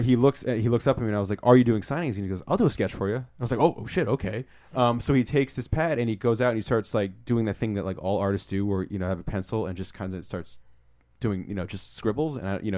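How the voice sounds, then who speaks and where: A young man chats on a podcast, talking fast and getting excited as he tells his stories. He swears freely and acts out what people said to him. His voice sits a little low. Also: dry recording, studio quality. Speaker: podcast co-host. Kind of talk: casual storytelling chat.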